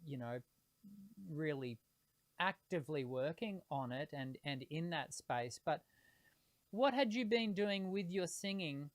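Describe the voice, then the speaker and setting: A man's voice: on the high side, animated, unhurried, no room sound. A man hosting an interview about singing, asking long questions with many restarts. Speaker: podcast host, singing teacher. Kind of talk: conversational interview.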